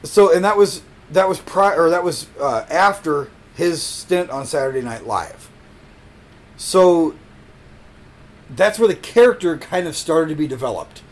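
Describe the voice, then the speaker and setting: A man co-hosts a casual podcast, sharing trivia hesitantly with lots of fillers and restarts, and he laughs easily. His voice is a little high and a little slow, with lively intonation.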